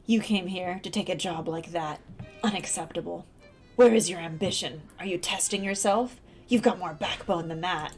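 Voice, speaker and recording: A woman's voice: fairly low pitch, moderate pace, soft background music, natural voice. A woman voicing a haughty, pompous French noble male bird who talks down to others. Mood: scolding. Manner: arrogant, scolding.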